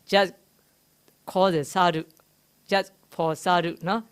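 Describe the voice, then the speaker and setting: A woman gives a slow, unhurried Dhamma talk as a Buddhist teacher. Her voice is fairly low and clear, and she pauses often with fillers while she explains each word. Now and then she gently teases her listeners. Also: fairly even intonation. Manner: halting, explains Pali terms slowly with many fillers; gently teasing the audience. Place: meditation centre hall.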